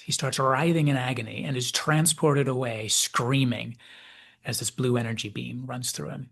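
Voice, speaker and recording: A man delivers a measured, reflective commentary in a husky, slightly breathy voice at an ordinary male pitch. He walks through the ideas step by step, pausing to read quoted dialogue. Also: steady tone, a bit bright. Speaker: video essay host. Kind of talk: analytical commentary.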